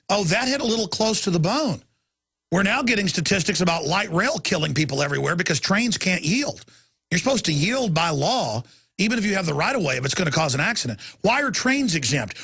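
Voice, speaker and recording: A man hosting a talk show launches into a heated, emphatic rant. His voice is gravelly and raspy, with a tense, sharp edge. It sits a little higher than most men's. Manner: angry, ranting, heated and emphatic. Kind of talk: impassioned talk radio rant.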